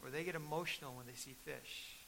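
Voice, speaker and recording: Bright-voiced middle-aged male pastor preaching. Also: fairly high pitch, brisk, creaky, a little hiss or hum, rough recording. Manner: storytelling, building to loud emphatic peaks. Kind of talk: sermon.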